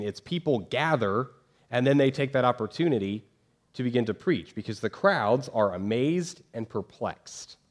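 Casual man preaching a sermon. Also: medium pitch. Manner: casual, uses many fillers, rhetorical questions to congregation. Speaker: pastor. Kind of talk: conversational sermon.

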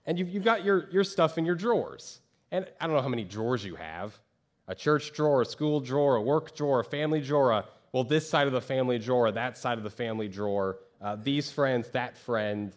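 A man preaching a sermon as pastor from a church stage, lively, acting out the voices of the people he describes. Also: medium pitch, fairly quick. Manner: animated, acts out quoted voices of churchgoers.

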